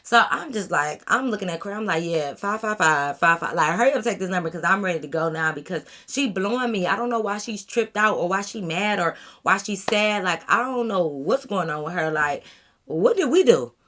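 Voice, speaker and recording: A young woman vlogger telling a story casually, in an animated way, acting out her friends. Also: mid-range voice, fairly quick. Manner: animated, acts out friends' voices.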